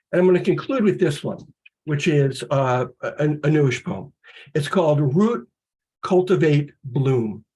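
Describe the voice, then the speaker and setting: A man reading his own poems at a reading series, with slow, deliberate, dramatic phrasing. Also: fairly high pitch, lively intonation, a little mellow, slightly rough. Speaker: poet reading his work. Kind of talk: poetry reading.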